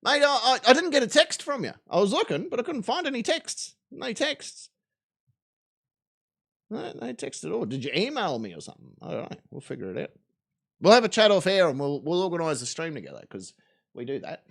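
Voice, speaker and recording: Brash, animated Australian man. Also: high voice, brisk, vocal fry. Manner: crude, swaggering, rambling. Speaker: live stream host. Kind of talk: profane live commentary on videos.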